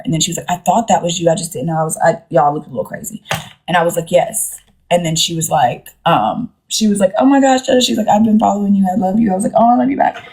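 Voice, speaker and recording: Talking into her phone on a live stream, a young woman with a low, darkish voice rambles through a story. She's loose and slangy, adopting the voices of the people she quotes.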